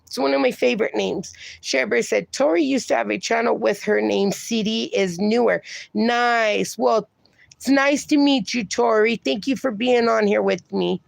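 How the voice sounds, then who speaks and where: A woman's voice: fairly high pitch, moderate pace, gravelly, no echo. A woman hosting a casual livestream, reading viewer comments aloud in a chatty way and laughing often between them. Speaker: livestream host.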